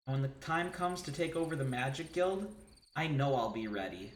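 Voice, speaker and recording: A man voicing a gentle, resolved young female mage, reading game dialogue on stream. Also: medium pitch, animated, normal speed, roomy sound, a little hiss or hum, close to an everyday voice.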